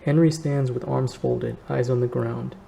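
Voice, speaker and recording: Gravelly, dark-voiced man reading a novel. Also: mid-range voice, fairly even intonation, a little slow, a little hiss or hum, rough recording. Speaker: reader.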